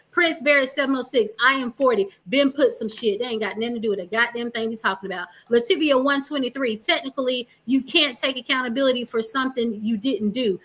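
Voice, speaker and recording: A woman's voice: on the high side, fairly bright tone, poor audio. A woman hosting a livestream, reading viewers' comments aloud and answering them in a blunt, profane, sassy way. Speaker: livestream host.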